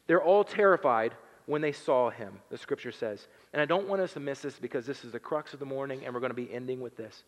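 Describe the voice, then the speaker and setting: A pastor giving a sermon in a conversational style, dropping to hushed tones and rising to emphatic bursts. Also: male voice, mid-range voice, quick pace, few pauses. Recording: long hall reverb.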